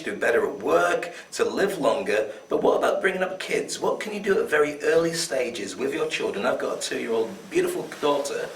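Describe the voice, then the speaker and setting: A man's voice: mid-range voice, a bit bright. Man hosting an interview, distant echoey sound. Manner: brief affirmations and probing questions. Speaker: interview host. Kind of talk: interview questions. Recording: echoey room, distant mic, faint noise.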